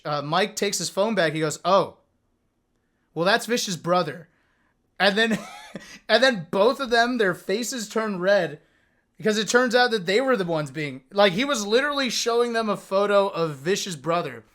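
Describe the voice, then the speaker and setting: High-pitched guy hosting, rattling off funny stories and doing his buddies' lines. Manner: animated, acts out quoted friends. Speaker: host. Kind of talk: casual storytelling.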